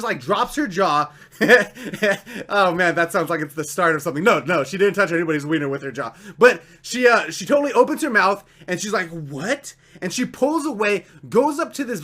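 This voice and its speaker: A young man with a high-pitched voice tells a story casually, chatty and animated, peppering it with "like" and "right?".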